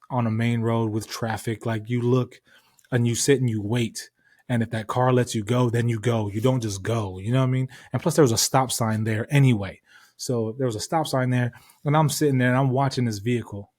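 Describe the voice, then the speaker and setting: A man's voice: mid-range voice, no room sound, clean studio sound. Heated, profane man telling a story. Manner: profane, heated, animated retelling. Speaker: podcast host. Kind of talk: casual storytelling.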